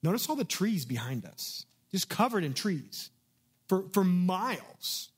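A man's voice: high-pitched, big pitch swings, unhurried, husky. A middle-aged male pastor giving a sermon in a conversational style, often repeating words and asking the congregation questions.

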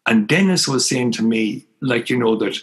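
A man's voice: mid-range voice, lively intonation, normal speed, low-quality recording. An older man with an Irish accent, a priest telling his life story as an interview guest, earnest and emphatic. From Ireland.

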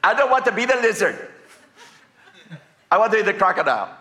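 A man's voice: sits high, big pitch swings, brisk, sharp tone, pitched above the performer's own voice, exaggerated voice. An older man voicing a bossy little girl of about five while telling a story in a sermon, insistent and commanding.

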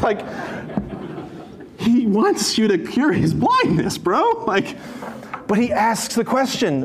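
High-voiced, animated male preacher. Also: slow, pauses often. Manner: animated, playful, jokes and voices characters. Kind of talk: lively sermon with acted-out stories.

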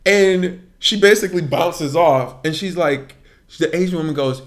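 A man, co-hosting a podcast in casual chat and telling a story with lively, laughing delivery. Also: moderate pace. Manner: animated storyteller, laughs often, voice jumps high. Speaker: podcast co-host.

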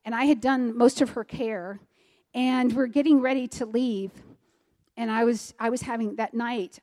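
A woman's voice: fairly high pitch, fairly even intonation, moderate pace. Earnest woman telling a story in a reverberant hall. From Maryland, US. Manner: earnest storytelling, swings loud to soft. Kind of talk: personal testimony.

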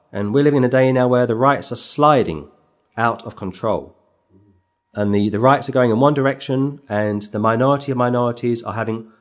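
A man preaching an expository sermon, stressing words and pausing for effect as he reads out verse numbers. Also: mid-range voice. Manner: emphatic, with slow dramatic pauses.

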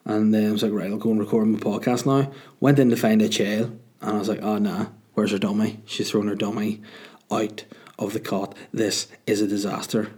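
A man's voice: on the low side, flat delivery, normal speed, darkish tone. A young man, hosting a podcast and telling a comic story in a sardonic, self-mocking way, swearing freely. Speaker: podcast host.

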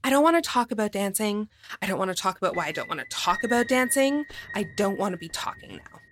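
An actress as a bright, fiery young dancer. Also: female voice, medium pitch, big pitch swings, fast talker. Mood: withdrawn. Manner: sharp, confrontational. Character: young woman dancer, defensive and hot-tempered.

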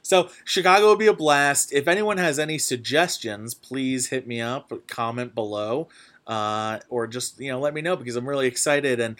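A young man hosting a podcast, chatting casually and excitedly, with lots of fillers and restarts. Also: medium pitch, normal speed. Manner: rambling, full of fillers, excitable. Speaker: podcast host. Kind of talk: casual chat.

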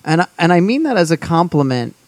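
Higher-voiced man, lively and halting. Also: no echo. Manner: rambling, halting, with many restarts. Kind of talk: casual chat.

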